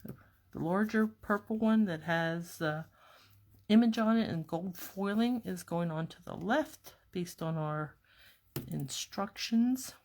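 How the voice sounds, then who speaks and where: A woman calmly narrating a card-making tutorial step by step, talking herself through each task as she works at her craft table. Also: on the low side, slow. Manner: calm, step-by-step, talks to herself while working. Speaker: papercraft demonstrator.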